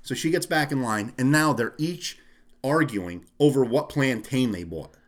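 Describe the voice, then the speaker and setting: A man's voice: medium pitch, expressive, normal speed. Profane, ranting man telling a story. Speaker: storyteller in a casual chat. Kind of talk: casual chat.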